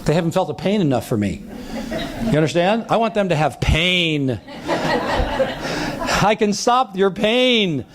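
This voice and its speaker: A man's voice: high-pitched, big pitch swings, measured pace, long pauses, crowd noise. A man teaching a seminar on sales, who acts out the dialogue he describes and keeps checking in with his listeners. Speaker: sales trainer. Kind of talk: seminar talk to a live audience.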